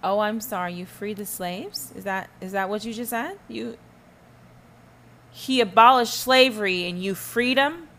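A woman's voice: medium pitch, moderate pace, fairly bright tone. A woman hosting a solo podcast, ranting emphatically and sarcastically, firing rhetorical questions and humming asides. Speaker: podcast host.

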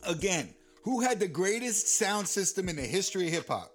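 A man's voice: high voice, big pitch swings, brisk, a bit bright. A man co-hosting a casual talk show, talking emphatically about music history and the industry. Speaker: podcast co-host. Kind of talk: casual chat.

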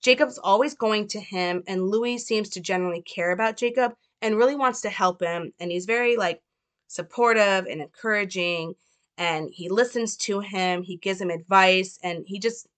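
At a normal speed and in a fairly bright, mid-range voice, a young woman gives a casual film analysis. Her commentary is chatty and hedging, packed with fillers.

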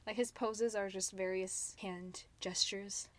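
A woman's voice: mid-range voice, fairly even intonation, slow pace, a bit bright, no echo. A woman co-hosting a casual podcast, recapping a drama episode in a chatty way with lots of fillers. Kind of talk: casual chat.

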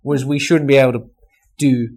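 A man talking in a relaxed, agreeable way during a casual chat. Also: medium pitch, a little fast. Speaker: podcast guest.

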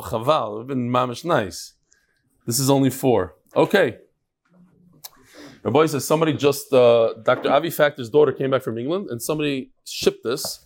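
A man teaching a casual religious class to a live audience, joking and bantering with the room between lessons. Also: mid-range voice. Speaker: rabbi teaching a daily class. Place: study hall with a live audience.

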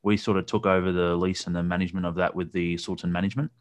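A man hosting a casual interview, recalling details at length with many pauses and ums. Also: low voice, level tone, clear, resonant tone.

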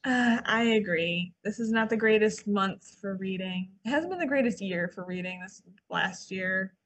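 A woman library staffer co-hosting a casual podcast, reading event listings and adding quick asides. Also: medium pitch, a bit bright. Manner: chatty, reads listings then adds quick asides. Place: old brick library building.

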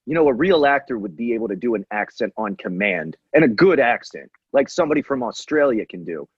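A man's voice: mid-range voice, lively intonation, fairly quick, slightly rough, no echo, lo-fi sound. A man co-hosting a comedy podcast, chatting casually with playful, rambling jabs. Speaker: podcast co-host.

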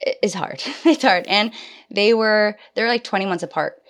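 A woman in her twenties, a podcast guest, telling a personal story in a chatty, animated way, acting out her own past thoughts. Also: medium pitch, normal speed. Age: 20s. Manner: animated storytelling with quoted inner voices. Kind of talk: casual podcast conversation.

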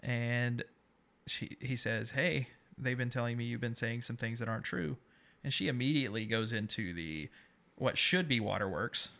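A man co-hosting a podcast, recapping a TV show in casual chat and telling the story in an animated way with hesitant restarts. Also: medium pitch, normal speed, vocal fry. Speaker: podcast co-host.

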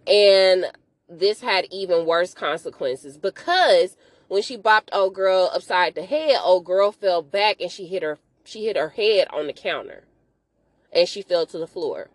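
Chatty woman recapping, low voice. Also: unhurried, no room sound. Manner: chatty, animated storytelling with slang and asides. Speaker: podcast host. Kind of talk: casual episode recap.

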